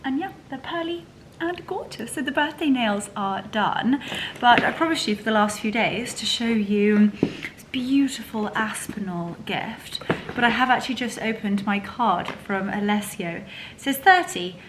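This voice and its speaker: A woman of thirty chatting in a casual vlog, gushing and often dropping to a breathy whisper. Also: a little high, measured pace, background noise. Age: 30s. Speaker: lifestyle vlogger.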